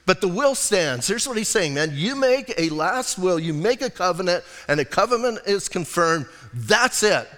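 A middle-aged male pastor preaches in a loose, conversational way, acting out the story as he goes. His voice sits a little high for a man. The church around him adds a long, ringing reverb. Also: big pitch swings, normal speed, hardly any pauses, fairly bright tone. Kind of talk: expository sermon.

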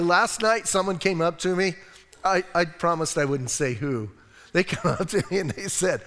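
Animated stories laced with jokes and asides carry this sermon, preached at a moderate pace by a high-voiced American pastor. It echoes through the large hall of a church sanctuary.

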